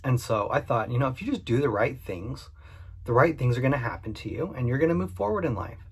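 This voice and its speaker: Man, husky voice, casual story to camera, candid, conversational, cleaning business owner. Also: medium pitch, big pitch swings, quick pace. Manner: conversational and candid, with frequent fillers.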